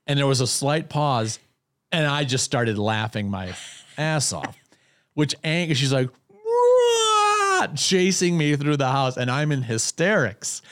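A man's voice: mid-range voice, unhurried, fairly bright tone, no echo, clean studio sound. A man in casual conversation, telling a self-deprecating childhood story with lots of restarts.

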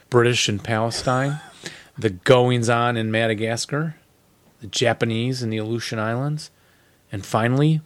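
A man co-hosting a podcast, reading listener letters aloud in casual chat and laughing easily. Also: fairly low pitch. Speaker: podcast co-host.

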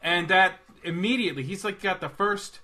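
A young man co-hosting a loose movie chat. His voice sits bright and forward. He rambles and jokes, trailing off and picking the thread back up. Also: high voice. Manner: animated, rambling, quick to joke. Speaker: podcast co-host. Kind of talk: casual movie review chat.

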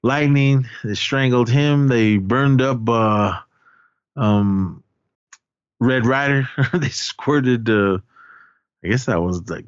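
Speaking slowly in a clean, mid-range tone, a male podcast co-host casually walks through a movie's plot, rambling and often restarting or using fillers. The recording is dry and has a dull, lo-fi quality.

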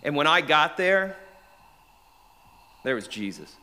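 An actor playing the apostle Peter, an earnest, remorseful fisherman, telling his story in the first person and swinging from hushed to shouted. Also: on the high side, very animated, slow pace, a little hiss or hum, heavily acted. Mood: excited. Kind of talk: dramatic monologue. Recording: long reverb of a large hall.

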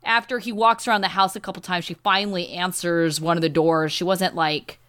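A chatty woman co-hosts a casual podcast. Her voice sits low and sounds smooth and clear. She talks emphatically and leans on "you know". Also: fairly even intonation, brisk, a bit bright. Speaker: podcast co-host; teacher. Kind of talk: casual chat recapping a reality show.

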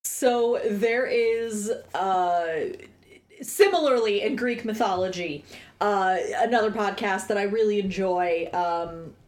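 In casual podcast conversation, a woman co-host speaks at a medium pitch and slow pace. Her wry, dry style comes through as she explains books using literary references.

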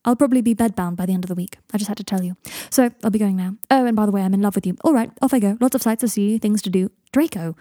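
A woman's voice: medium pitch, racing, few pauses, mellow, slightly rough, dry recording, studio quality, lightly acted. A woman voicing a wry, self-mocking young man, speaking dryly and flippantly.

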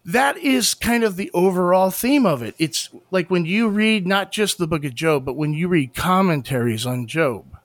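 A man's voice: a little high, fairly bright tone, dry recording. A man co-hosting a podcast, debating casually with many restarts and frequent laughs. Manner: halting, many restarts and fillers, laughs often. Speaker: podcast co-host.

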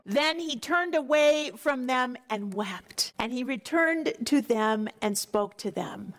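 A woman leading a Bible study, reading scripture and then explaining it. Her voice sits slightly high, and she talks conversationally, asking questions and repeating words for emphasis. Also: a bit bright.

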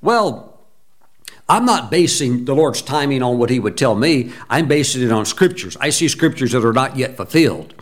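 Male preacher, lively anecdotal sermon delivery, average pitch. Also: fairly quick, hardly any pauses. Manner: animated storytelling, laughs, bursts of exclamation. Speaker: pastor.

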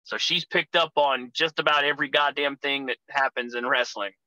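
Bright, profane young man, dry sound. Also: mid-range voice, steady tone, normal speed, dry recording, rough recording. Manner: crude, profane, rambling storyteller. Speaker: guest, wrestling figure. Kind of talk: casual chat.

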